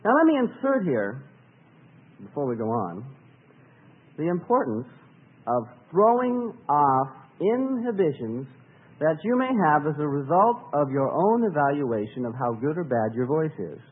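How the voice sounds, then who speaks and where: A man's voice: a little high, a little slow, slightly rough. Earnest man teaching on worship, lo-fi. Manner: earnest, animated, sings short phrases to illustrate.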